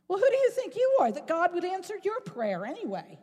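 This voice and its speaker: High-voiced woman preaching, long hall echo. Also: brisk. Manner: animated, rhetorical, often rising to a shout. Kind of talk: sermon. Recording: long reverb in a large hall.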